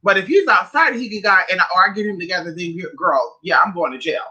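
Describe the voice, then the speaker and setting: A man's voice: high voice, brisk, bright, forceful tone, breathy edge, highs cut off. Brassy, profane man spinning a story. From California. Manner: profane, dramatic, calls listeners "honey" and "y'all". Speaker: spiritual livestream host. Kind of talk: casual storytelling to a live chat.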